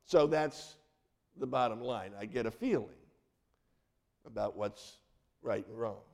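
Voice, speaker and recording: A middle-aged male pastor giving a sermon, earnest, with dramatic drops into soft, quiet phrases. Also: mid-range voice, unhurried, gravelly.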